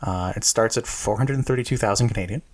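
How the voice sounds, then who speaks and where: A man's voice: lowish voice, quick pace. A man co-hosting a car podcast, chatting casually with lots of fillers and a self-deprecating humor. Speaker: podcast co-host.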